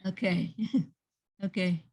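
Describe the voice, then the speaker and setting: A woman's voice: lowish voice, steady tone, takes it slowly, creaky, darkish tone, breathy edge, no room sound. A woman hosting an online workshop over a video call, praising participants effusively and often repeating her words. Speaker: workshop host and teacher. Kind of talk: encouraging group workshop feedback.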